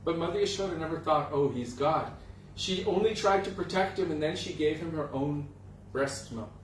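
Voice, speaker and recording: A man tells a devotional story to a gathering, acting out each character's voice in his slightly high register. He is picked up from a distance in an echoing room, with faint ambience behind him. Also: fairly quick, slight background noise. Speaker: spiritual teacher. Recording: roomy echo, distant mic, faint ambience.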